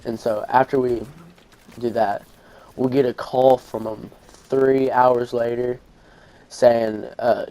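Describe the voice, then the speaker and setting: A man's voice: mid-range voice, level tone, slow, warm tone, rough recording. A young man, telling a long story casually over gameplay, rambling with fillers and restarts. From Arkansas, USA. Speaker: gaming channel host.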